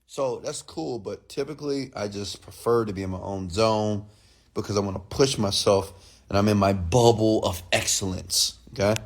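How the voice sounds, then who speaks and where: An animated man in a casual late-night rant who talks straight to his viewers. His pitch swings a lot, and he jumps into high, mocking voices to act out other people. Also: moderate pace. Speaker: online entrepreneur and mentor.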